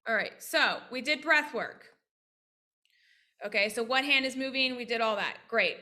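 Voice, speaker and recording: A woman physical therapist teaching practice owners on a video call, lively and interactive, often asking questions. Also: a little high, normal speed. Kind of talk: casual online teaching with role-played examples.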